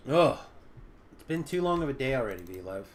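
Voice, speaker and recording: Brief: male gamer-streamer, animated, rambling banter, keyboard clicks faintly behind. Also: medium pitch, quick pace, a little hiss or hum. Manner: rambling, self-deprecating. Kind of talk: casual gameplay chat.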